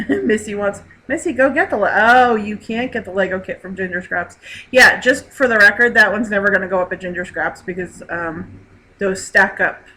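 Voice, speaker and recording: A woman's voice: on the low side, pushed and bright, rough recording. A woman hosting a live online hangout, chatting casually, reading viewer messages aloud and laughing often. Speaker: host. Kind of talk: casual live stream chat.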